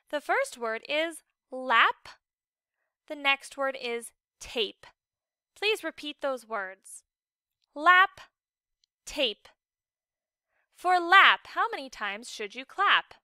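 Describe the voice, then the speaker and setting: A high-pitched woman teaching a phonics lesson to children in a slow, careful way. Her voice is bright and smooth, and each word is stretched and overpronounced. She sounds patient and encouraging, recorded dry and close. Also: no room sound. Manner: slow, exaggerated enunciation of words.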